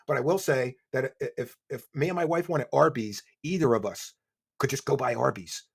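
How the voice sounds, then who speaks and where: A man's voice: medium pitch, normal speed, creaky, husky. A middle-aged man ranting in angry, insulting commentary, scornful and blunt. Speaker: commentary streamer.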